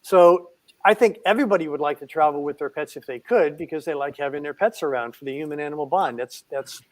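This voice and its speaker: A middle-aged man, a veterinarian guest, telling an anecdote in an animated way with chuckles. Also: on the high side, fast talker, rough recording. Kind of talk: anecdotal storytelling.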